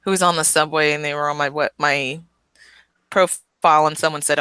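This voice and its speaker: A woman from the Southern United States, a podcast guest chatting casually, rambling and hesitant and quick to laugh. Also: low-pitched, fairly even intonation, bright, forceful tone, clear, resonant tone, no room sound. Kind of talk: casual interview chat.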